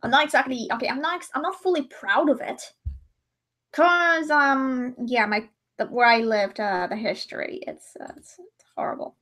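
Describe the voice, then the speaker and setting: A young woman with a notably high voice chats casually during a livestream. She rambles from thought to thought and often breaks off mid-sentence to start again. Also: moderate pace, fairly bright tone. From Ireland.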